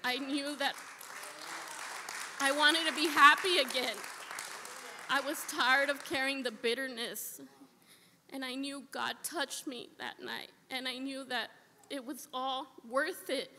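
A woman's voice: high-pitched, steady tone, measured pace, crowd noise, background noise. A woman sharing a heartfelt personal testimony at a church service, earnest and repeating phrases for emphasis. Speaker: church member giving testimony. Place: church sanctuary. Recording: echoey church hall with long reverb.

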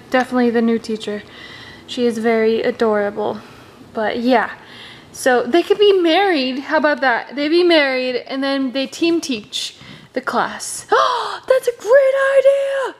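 A woman's voice: high-pitched, a little hiss or hum, poor audio. A woman chatting casually and enthusiastically about her doll purchases. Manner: enthusiastic, chatty, many fillers. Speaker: doll collector vlogger. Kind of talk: casual chat.

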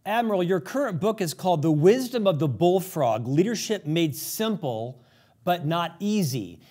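A male interview host with a notably high voice speaks in a measured way. He reads quotes slowly and carefully before he poses his questions. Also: lively intonation, mellow.

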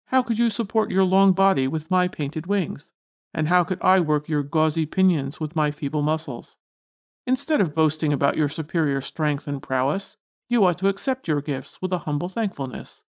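A woman's voice: low voice, a little mellow. A woman voicing an aged, dignified male butterfly who speaks in a solemn, formal way in a storybook reading.

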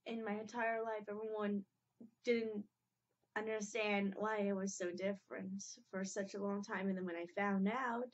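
A young woman hosting a reaction video, talking in a halting, emotional way with many restarts. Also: mid-range voice, little pitch movement. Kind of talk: casual reaction commentary. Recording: dull lo-fi home recording.

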